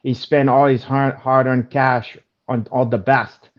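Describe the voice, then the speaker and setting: A man's voice: medium pitch, little pitch movement, a little slow. A man co-hosting a casual chat show, joking and rambling in streetwise slang. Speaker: co-host. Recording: dull lo-fi stream audio.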